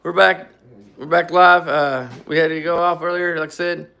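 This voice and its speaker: A man's voice: a little high, steady tone, normal speed, vocal fry, bright, forceful tone, clean tone. A man co-hosting a scooter garage live stream, chatting in a loose, joking, rambling way. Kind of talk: casual live-stream chat.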